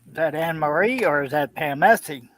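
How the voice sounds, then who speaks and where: Male co-host, slightly high voice, dry teasing banter. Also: animated, moderate pace, fairly bright tone, slight background noise. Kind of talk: casual live-stream banter.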